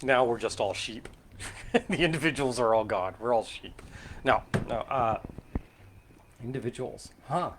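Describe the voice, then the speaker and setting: A middle-aged man from California's Central Valley hosts a relaxed cocktail-making stream. He talks at an ordinary pitch for a man, musing out loud with many fillers and restarts. His delivery is loose and conversational rather than scripted. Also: measured pace, pauses often, slight background noise. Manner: rambling, thinking aloud with fillers and self-corrections. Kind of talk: casual live-stream chat while mixing drinks.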